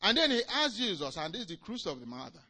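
Emphatic, bright-voiced male preacher. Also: sits high, sing-song, fast talker. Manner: emphatic, swings between loud declaring and soft asides. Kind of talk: sermon.

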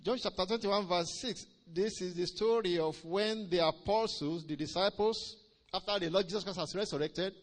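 A man preaching a sermon, swinging between loud emphatic lines and low quiet ones, drawing out key words and calling "Amen?" to the congregation. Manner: drawn-out stresses on key phrases.

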